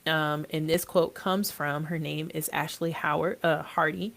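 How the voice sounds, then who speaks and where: Low gravelly congested woman podcaster. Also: fairly even intonation, unhurried, a bit bright. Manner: hesitant, many ums and uhs. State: congested from allergies. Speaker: podcast host and therapist. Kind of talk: casual podcast monologue.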